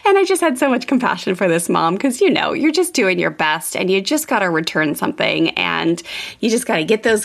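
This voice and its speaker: A woman hosting a parenting podcast, talking in a chatty, animated way with lots of fillers. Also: mid-range voice, vocal fry. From California, USA. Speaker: parenting podcast host and coach. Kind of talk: casual podcast monologue.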